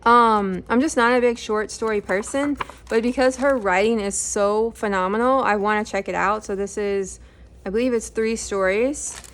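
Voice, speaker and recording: This is a casual book review chat from a book channel host, a middle-aged woman with a mid-range voice at normal speed. She meanders through books she's read, leaning on fillers and frequently revising what she says.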